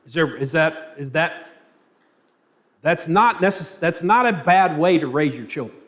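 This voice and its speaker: Higher-voiced man teaching a Bible class. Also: expressive, a little slow. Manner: asks the class questions, tells anecdotes with light humor. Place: church classroom.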